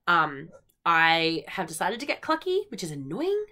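A young woman with an Australian accent and a bright, clear voice chats on her own. She talks with high energy and bounces from thought to thought, dropping plenty of ums and likes along the way. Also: wildly swooping pitch, unhurried. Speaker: knitting podcast host. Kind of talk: casual solo chat.

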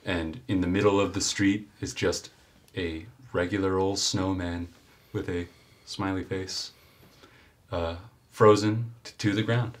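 A man's voice: sits low, fairly even intonation, measured pace. A man narrating a tabletop game as game master, telling the story with fillers and laughs.

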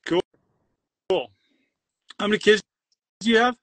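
Bright middle-aged man reading chat comments. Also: sits high, unhurried, no echo. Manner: upbeat, reads viewer comments aloud.

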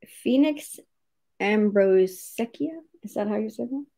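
A woman hosts a casual livestream writing sprint, cheerfully greeting viewers by name, reading their comments aloud, and laughing often. Her voice is medium-pitched, expressive, and dark in tone, and she speaks a little slowly.

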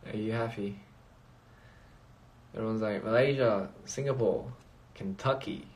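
A man's voice: on the low side, measured pace. A man chatting casually on a phone livestream, rambling and reading out viewer comments. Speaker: livestream host.

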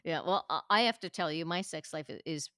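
A woman's voice: deep voice, a little fast, pushed and bright, no room sound, clean studio sound. An older woman, a comedian guest, chatting casually and telling punchy stand-up jokes, acting out the voices of people she quotes. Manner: punchy joke delivery, acts out quoted voices.

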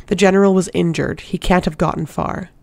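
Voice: mid-range voice, fairly even intonation, a little fast, gravelly, a little mellow, no echo, natural voice. A reader putting on a hissing stone gargoyle. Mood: commanding. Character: monstrous stone gargoyle speaking with a king's voice.

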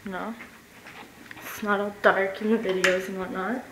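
A young woman giving a casual, giggly tour of her old basement, swearing freely and getting animated as she tells stories. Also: medium pitch, measured pace, noisy background. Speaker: vlogger giving a house tour. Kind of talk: casual rambling vlog tour. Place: empty basement of an old house, indoors.

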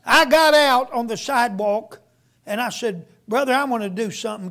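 Man, sermon, folksy storyteller, very high voice, gravelly. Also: a little fast, fairly bright tone. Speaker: guest preacher.

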